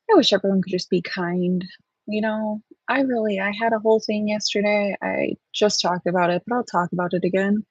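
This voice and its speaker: A woman's voice: mid-range voice, a little mellow, dry recording. A woman hosting a casual livestream from home, rambling and sensitive, swearing freely as she talks to her chat. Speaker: livestream host. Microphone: webcam livestream setup. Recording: dry, dull lo-fi stream audio.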